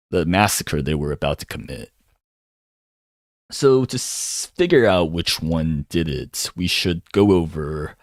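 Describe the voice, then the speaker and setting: Male commentator with a low voice and lively pitch swings. Unhurried and rambling, recorded dry. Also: no echo. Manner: rambling, hums filler syllables while thinking. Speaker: manga commentator. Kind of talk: casual solo chapter breakdown.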